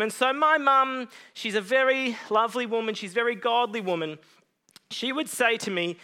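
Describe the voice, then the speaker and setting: A man's voice: extremely high pitch, normal speed, bright, forceful tone, smooth. A young man preaching as a guest speaker in a church, chatty and self-mocking, with lots of "um"s. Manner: casual and chatty, many "um"s, self-mocking humor. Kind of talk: sermon.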